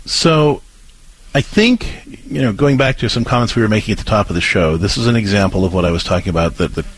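Co-host, male, low and husky, earnest advice giver who stumbles and restarts. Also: lively intonation, quick pace. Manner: earnest, many restarts, acts out comforting lines to a child. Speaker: co-host giving parenting advice. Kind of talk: casual advice chat.

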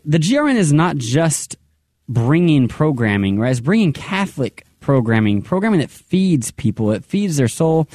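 A man's voice: a little high, darkish tone, no echo, studio quality. A man hosting a radio fundraising drive, upbeat, praying aloud and repeating the call-in number.

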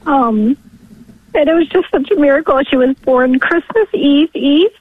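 Woman in her forties, from New York, high voice, emotional and tearful, tinny dry phone line. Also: measured pace, no room sound. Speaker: caller. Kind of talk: phone-in call.

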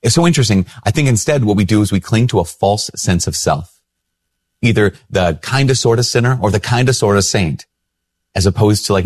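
Husky priest telling a reflective story. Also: male voice, expressive, brisk, a little mellow. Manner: conversational and self-questioning, jumps higher when quoting others. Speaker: priest and video host. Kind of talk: reflective storytelling talk to camera.

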